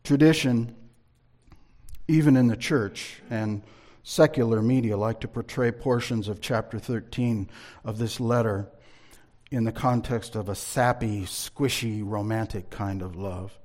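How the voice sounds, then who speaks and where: A man teaching a Bible lesson in a sermon style, measured and emphatic, reading scripture aloud between explanations. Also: lowish voice, fairly even intonation, a little mellow.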